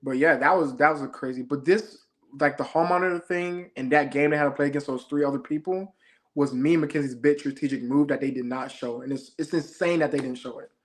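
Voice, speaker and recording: Young guy, kinda high voice, easygoing slangy storytelling in a chill interview. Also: fairly quick. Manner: laid-back storytelling, slangy. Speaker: reality show contestant guest. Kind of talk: casual interview chat.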